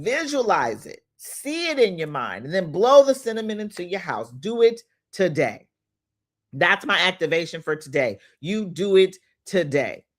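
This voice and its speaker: A woman hosting a motivational livestream, leading call-and-response affirmations and drawing out each repeated line. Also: medium pitch.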